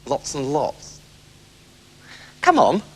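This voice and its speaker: A man's voice: high-pitched, very animated, normal speed, gravelly, sharp tone, long reverb tail, heavily acted. A man voicing a greedy, scheming brother who stammers and wheedles. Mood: wheedling.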